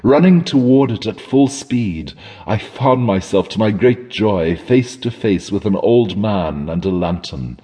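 A man narrating a classic horror story in a measured, dramatic storytelling manner. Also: fairly low pitch, lively intonation, dark tone, husky, long reverb tail. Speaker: audiobook narrator.

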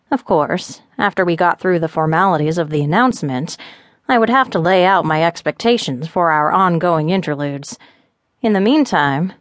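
Woman, audiobook narrator, steady even reading, lowish voice, dry studio sound. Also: no room sound.

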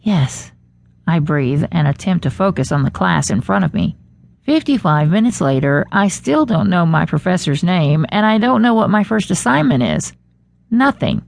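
Gravelly low woman narrating close and dry. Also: very animated, normal speed, darkish tone, no room sound. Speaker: audiobook narrator. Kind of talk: scripted first-person narration.

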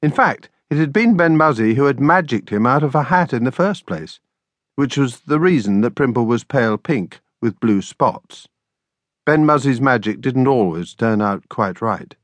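A man narrating a children's audiobook in an expressive storytelling manner, recorded in a studio. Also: mid-range voice, moderate pace, no room sound.

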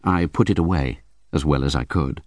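A man's voice: a bass voice, moderate pace, a little mellow, no echo. A man narrating a classic novel as an audiobook with vivid, theatrical storytelling. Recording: dry close studio recording.

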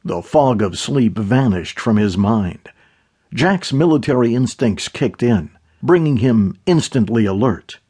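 A male audiobook narrator reads with a steady, measured delivery. His voice is husky and sits at a middle pitch. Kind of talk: scripted narration.

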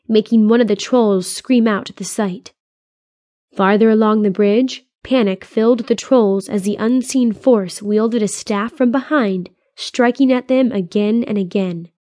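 A woman narrates a fantasy adventure in a steady, even storytelling voice, pitched at a middle level. The recording is close and dry, with no room sound. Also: no room sound. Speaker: audiobook narrator. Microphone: close studio mic.

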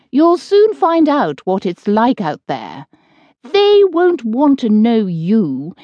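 A woman's voice: medium pitch, a little mellow, dry recording, muffled recording. A woman voicing a fierce, bossy old witch who hurls scornful insults, in a close dry studio recording.

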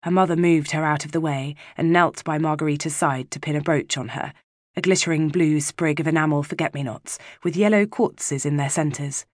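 A woman narrating a novel as an audiobook reader, measured and even, close to the mic. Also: sits low, no echo. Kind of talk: scripted narration.

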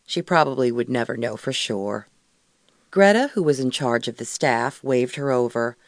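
A woman narrating a romance audiobook in an expressive storytelling voice, close to the mic. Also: a bass voice, moderate pace, no echo. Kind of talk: scripted narration.

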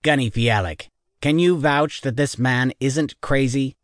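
A man's voice: medium pitch, a little slow, dry recording, clean studio sound, natural voice. A man voicing a stern, by-the-book male sergeant major in an audiobook, with clipped military formality.

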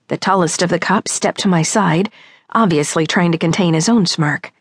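A woman's voice: lowish voice, normal speed, husky, no room sound, studio quality. A woman narrating a comic mystery audiobook in the first person, with a wry, knowing storytelling manner.

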